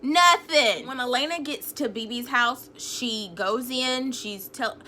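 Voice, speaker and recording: A woman's voice: a little high, measured pace, bright, forceful tone, slight background noise. A young woman, casually recapping a TV episode in a sassy, chatty way. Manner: chatty, sassy, retells scenes acting out quotes. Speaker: TV recap vlogger.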